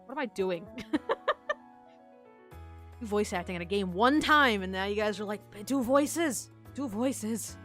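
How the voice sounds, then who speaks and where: A young woman chats casually with her livestream viewers, rambling, giggling, and poking fun at herself. Her medium-pitched, fairly bright voice has lively intonation and an unhurried pace with long pauses, over soft background music.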